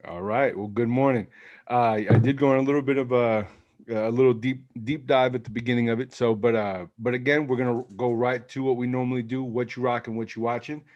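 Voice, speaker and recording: A man hosting a casual podcast in a relaxed, easygoing way, leading the segments. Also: mid-range voice, fairly quick, lo-fi sound. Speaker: podcast host. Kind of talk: casual sneaker podcast chat.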